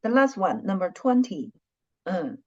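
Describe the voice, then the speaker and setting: A woman teaching an online language lesson, talking slowly and patiently and repeating syllables and tones again and again. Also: mid-range voice, big pitch swings, muffled recording. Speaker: Chinese teacher.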